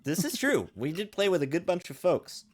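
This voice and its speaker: A man co-hosting a casual podcast over a voice call, joking in a dry, deadpan way. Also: high-pitched, a little fast. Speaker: podcast co-host. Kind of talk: casual chat. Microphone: remote call mic.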